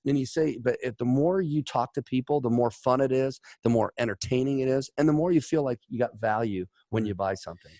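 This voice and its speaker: A man from Chicago hosting his own podcast, talking quickly and bluntly. He tells stories with energy and gives motivational advice. His voice sits in a middle register and sounds dry and close. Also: medium pitch, no echo. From Chicago, USA. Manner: energetic storyteller, acts out quotes. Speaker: host. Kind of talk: casual podcast conversation.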